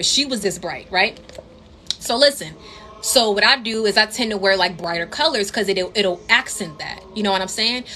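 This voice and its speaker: Young woman, bright higher voice, casual tarot reader, repeats her points, faint room hiss. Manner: chatty, repeats herself, addresses viewers as queens. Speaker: tarot reader and spiritual coach. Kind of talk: casual tarot reading monologue to viewers.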